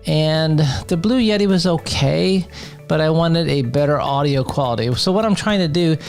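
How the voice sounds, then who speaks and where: A man's voice: on the high side, normal speed, creaky, faint music behind. A man giving a casual product demo at his home desk, explaining while he handles the gear, with frequent ums and uhs. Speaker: gear reviewer and teacher.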